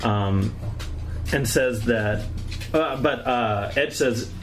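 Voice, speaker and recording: A man's voice: medium pitch, drawn-out words. A young man co-hosting a podcast, recapping events in a rambling, laughing way with many fillers. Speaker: podcast co-host. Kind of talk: casual chat recapping wrestling.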